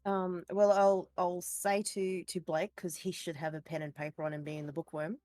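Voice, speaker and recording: Female player, lowish voice, dry sound, hesitant. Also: level tone, moderate pace, darkish tone, no echo. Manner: hesitant, full of ums, polite. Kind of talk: casual game chat.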